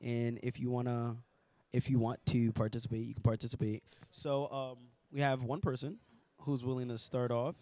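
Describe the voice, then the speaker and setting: A man's voice: mid-range voice, little pitch movement, moderate pace, hardly any pauses, warm tone. A young man hosting a casual podcast outdoors on a college campus, chatty and hesitant, repeating his words. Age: young adult. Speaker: podcast host.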